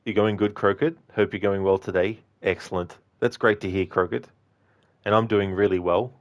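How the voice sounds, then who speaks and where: Deep-voiced chatty streamer. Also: male voice, steady tone, normal speed, muffled recording. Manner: chatty, thanks viewers by name, rambling asides. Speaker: game streamer. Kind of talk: casual livestream chat.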